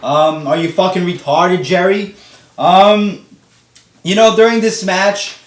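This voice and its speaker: Young guy venting about wrestling, swears a lot, slightly high voice, sits back from the mic in a roomy space. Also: steady tone, takes it slowly, slight background noise. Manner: ranting, profane, exasperated. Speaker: wrestling show reviewer. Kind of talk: casual vlog review. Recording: roomy echo, distant from mic.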